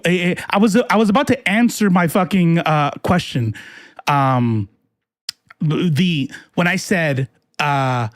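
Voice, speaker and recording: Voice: mid-range voice, dry recording, studio quality. A political commentary host ranting to a live chat in a profane, combative way.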